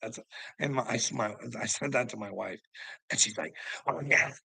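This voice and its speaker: A man's voice: on the low side, fairly quick, creaky, sharp tone, breathy edge, no room sound, poor audio. A middle-aged man hosting a livestream, rambling in casual chat, laughing often and swearing as he talks to viewers. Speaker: livestream host.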